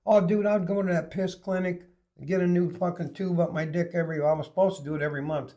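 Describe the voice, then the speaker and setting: A man's voice: sits high, fairly even intonation, fast, warm tone, highs cut off. A man on a podcast, telling crude, profane stories in a rambling, casual way. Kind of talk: casual storytelling.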